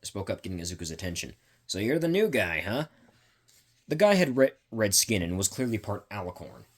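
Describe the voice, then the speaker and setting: A man narrates his own fan story in a halting way, often stopping to restart and correct himself. His voice is very deep, with a husky edge. He reads casually, as if working it out on the spot.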